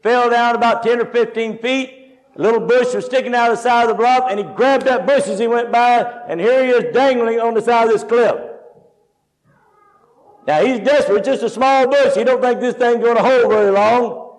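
High-voiced man preaching with folksy stories. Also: normal speed. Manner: folksy storytelling, varied loudness. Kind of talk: storytelling sermon.

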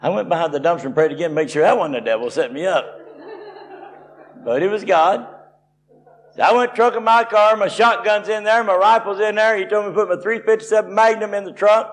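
A man's voice: sits high, brisk. A man from Tennessee, preaching and telling a personal story in a folksy, rising way. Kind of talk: sermon testimony.

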